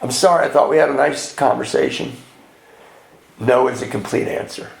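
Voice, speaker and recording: Guy telling a funny sober story in a big echoey room, raspy kinda high voice. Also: moderate pace. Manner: animated storyteller, acts out voices, laughs often. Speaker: retreat speaker. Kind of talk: personal recovery testimony with humor. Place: retreat meeting hall. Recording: echoey hall with faint background noise.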